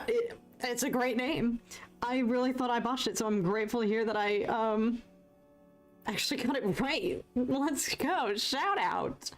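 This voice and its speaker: A young American woman chatting casually and excitably while painting on a live stream, joking at her own expense and answering viewers. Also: fairly high pitch. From United States. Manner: chatty, excitable, self-deprecating, reads chat aloud.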